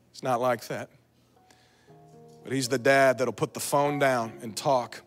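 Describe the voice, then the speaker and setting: Bright-voiced man preaching a sermon. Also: medium pitch. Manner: builds to fervent shouted exhortation; calm storytelling, quiet asides. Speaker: pastor. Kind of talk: sermon with altar call.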